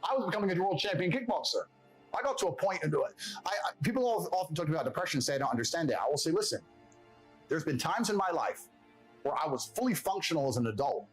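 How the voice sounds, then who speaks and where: Rapid, lively and slightly high-pitched, this man speaks with blunt, self-assured force and swears freely. He delivers a motivational monologue as a podcast guest. Faint music plays underneath. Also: slightly rough, poor audio. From England.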